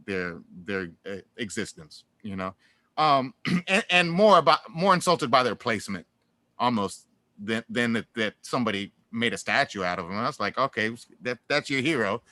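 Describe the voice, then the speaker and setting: A man's voice: on the low side, normal speed, no room sound. A man, a guest musician in a casual interview, telling stories in a rambling way with lots of fillers, restarts and laughter. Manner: animated, laughs through stories.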